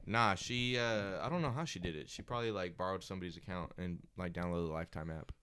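A young man in casual podcast talk, teasing his friends with quick, profane reactions. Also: sits low, sharp tone, smooth. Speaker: podcast co-host. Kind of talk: casual chat among friends.

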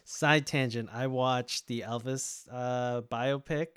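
A man's voice: mid-range voice, steady tone, slow pace, a bit bright, clean tone, no echo, clean studio sound. A man co-hosting a music podcast in casual chat, rambling with many fillers and self-interrupting asides. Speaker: podcast co-host.

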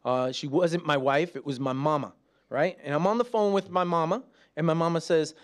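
A man preaching a sermon, telling stories with laughs and acting out quotes, dropping soft and slow for prayer. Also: on the high side. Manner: animated storytelling with laughs and acted-out quotes; drops soft and slow when praying aloud.

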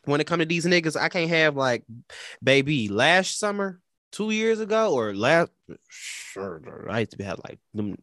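A man co-hosting a casual talk show, telling a personal story in a dramatic, animated way and quoting the people in it. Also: a little high, a little slow, no room sound, clean studio sound. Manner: animated, dramatic retelling with quoted voices. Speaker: podcast co-host.

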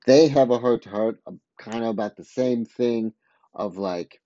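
A man's voice: lowish voice, a little slow, mellow, no echo, dull audio. A man casually recapping a TV episode, rambling with many fillers and quoting the characters' lines. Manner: rambling, filler-heavy retelling with quoted dialogue.

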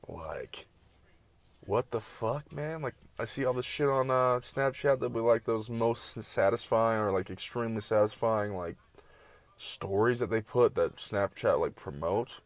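A man's voice: on the low side, measured pace, no room sound. A man giving casual, rambling reaction commentary, full of profanity and slang. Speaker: streamer reacting to videos.

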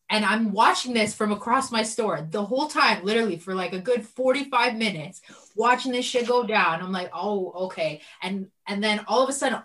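A young woman from Canada telling a story in casual chat, animated and full of fillers. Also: medium pitch, low-quality recording.

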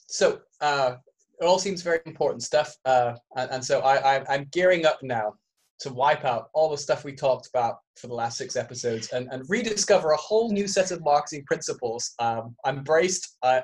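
A man with a mixed Canadian and English accent co-hosts a podcast in a casual chat. He teases and mocks himself in a playful way. His voice sits at an average pitch. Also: normal speed. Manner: playful, teasing, self-mocking. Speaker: podcast co-host. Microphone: studio microphone.

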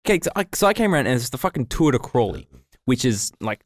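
A man's voice: mid-range voice, very animated, quick pace, dry recording, clean studio sound. A man, co-hosting a casual podcast and telling a sweary, ranting story. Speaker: podcast co-host. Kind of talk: casual chat.

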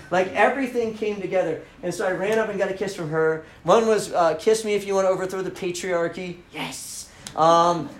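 A man telling a story in a casual talk, animated, often laughing and acting out the lines he quotes. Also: on the high side, roomy sound, poor audio. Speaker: speaker telling a running story.

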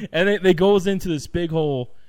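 A man in casual chat, recapping film scenes with lively storytelling and acted-out quotes. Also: high-pitched, moderate pace. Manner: animated storytelling, acts out quoted lines.

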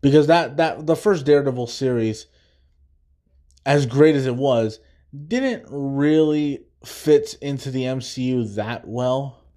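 An enthusiastic man in a casual solo podcast review. His voice sits in an ordinary middle pitch. He stumbles and restarts often and slips into little acted-out quotes. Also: takes it slowly, dark tone. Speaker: podcast host.

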